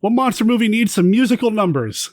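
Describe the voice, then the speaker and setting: A man's voice: high voice, lively intonation, a little fast, no echo. A man hosting a podcast, asking his guest quiz questions in casual chat and laughing often. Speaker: podcast host.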